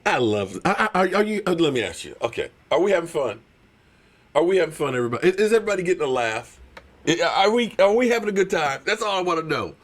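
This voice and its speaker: A man hosts a fan live stream, fired up and teasing rival fans. His pitch sits a little high and swings widely. His voice is starting to strain from the shouting. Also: big pitch swings, quick pace. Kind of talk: excited live-stream sports talk.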